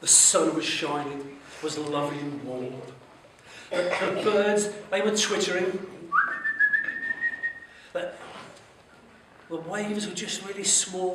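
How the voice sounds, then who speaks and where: A man tells a Bible story to schoolchildren in an animated, question-asking way. His voice sits high for a man. He is heard from a distance in a strongly echoing school hall, with a faint noise underneath. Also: takes it slowly, pauses often. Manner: animated, asks the children questions.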